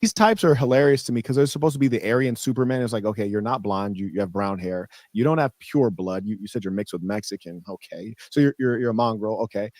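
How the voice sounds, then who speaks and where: A man's voice: fairly low pitch, quick pace, hardly any pauses, darkish tone, dry recording. A man ranting on a livestream in a pompous, lecturing way with fancy words. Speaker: livestreamer in a played clip.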